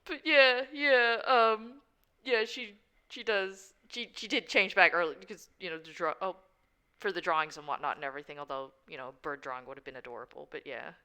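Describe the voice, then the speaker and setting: A woman's voice: fairly low pitch, fairly quick, sharp tone, smooth. A woman narrating her character's actions in a casual roleplay, rambling and giggly. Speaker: roleplay player. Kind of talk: casual collaborative storytelling.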